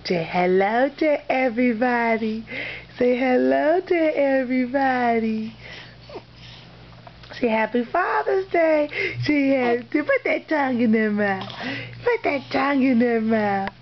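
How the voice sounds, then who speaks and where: A woman's voice: a little high, measured pace, a little hiss or hum. A woman filming a baby at home, cooing at the child in sing-song baby talk, on a dull lo-fi camcorder recording.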